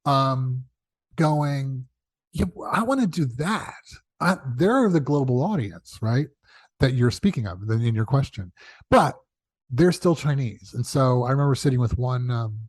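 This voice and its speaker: A man being interviewed as a television showrunner, telling chatty, animated stories and acting out the dialogue he quotes. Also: a little slow, no room sound. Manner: animated, acts out quoted dialogue with big pitch jumps; chatty, self-correcting, laughs at own asides. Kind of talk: casual interview storytelling.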